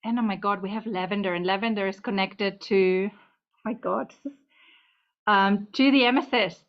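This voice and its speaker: Speaking at a normal speed in a mid-range voice, a woman gives a casual tarot reading to camera in a room at home. She's chatty and meandering, slightly out of breath, and talks to her cat between points. The sound is dull and lo-fi.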